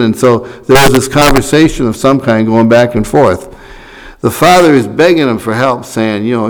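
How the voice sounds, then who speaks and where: A man's voice: medium pitch, moderate pace, poor audio. A man preaching a sermon, reading scripture and then explaining it in a loose, conversational way with asides and restarts.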